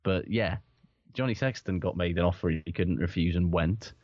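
Low-voiced bloke on a podcast, chatty and sweary, slightly dull lo-fi audio. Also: male voice, normal speed, darkish tone, dry recording. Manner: swearing, rambling, laughs often. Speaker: podcast co-host. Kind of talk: casual sports chat.

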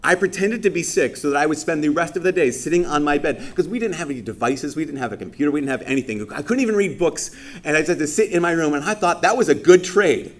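A man with a fairly high, animated voice speaks at a quick pace, delivering a conversational sermon as a priest during Mass. He keeps it casual, packed with fillers, and acts out how people reacted.

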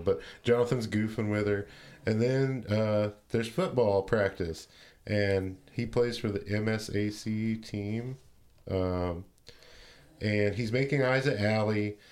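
A man's voice: fairly low pitch, measured pace, darkish tone. A man co-hosting a podcast, casually retelling a film's plot with swearing and laughter. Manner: laid-back storytelling, swearing and laughing. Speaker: podcast co-host recapping a movie.

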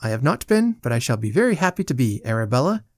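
A man's voice: mid-range voice, very animated, moderate pace, gravelly, no echo. Man voicing a careless young student, blunt tone, dry sound. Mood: grave.

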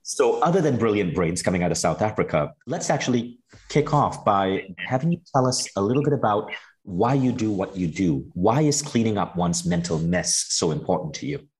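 Male podcast host, deep voice, upbeat and eager. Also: expressive, normal speed, a little mellow, low-quality recording. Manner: enthusiastic, upbeat introductions. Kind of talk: interview with scripted intro.

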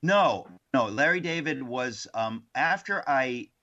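A man guest on an interview show, telling stories from his life in a lively way with many restarts. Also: medium pitch, slow pace, dull audio. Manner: animated, many restarts and asides. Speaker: author guest. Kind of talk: casual interview storytelling.

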